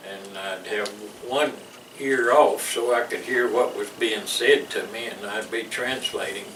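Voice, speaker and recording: A man's voice: fairly low pitch, fairly even intonation, a little slow, fairly bright tone. Older Southern man, echoey distant recording. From American South. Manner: rambling storyteller with frequent restarts and chuckles. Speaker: veteran interviewee. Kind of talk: casual oral-history recollection. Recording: echoey room, distant mic, noisy.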